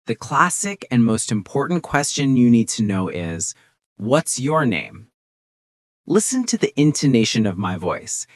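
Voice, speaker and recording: An English teacher giving a scripted beginner lesson, encouraging and speaking example phrases slowly and clearly. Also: medium pitch, dry recording, studio quality.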